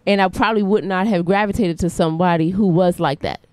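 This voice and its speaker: A woman's voice: fairly low pitch, steady tone, quick pace, darkish tone, no echo. Insistent, plain-spoken woman co-host. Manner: direct, insistent, explaining a point. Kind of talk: casual talk show conversation.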